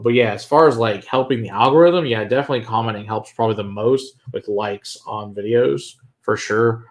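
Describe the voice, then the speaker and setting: A man hosting a whiskey livestream, chatting casually with viewers, answering their comments and laughing often. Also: on the low side.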